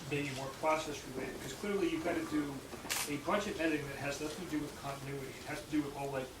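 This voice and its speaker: Man at a Q&A asking a long loose question, higher voice, distant mic in a boomy, noisy room. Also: fairly even intonation, fast talker, roomy sound. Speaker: event questioner. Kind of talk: casual question.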